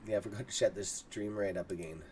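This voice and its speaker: A man's voice: fairly low pitch, steady tone, fast talker, darkish tone, slight background noise. A tired, yawning man hosting a casual live stock market stream, rambling and swearing now and then. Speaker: stock trading livestream host.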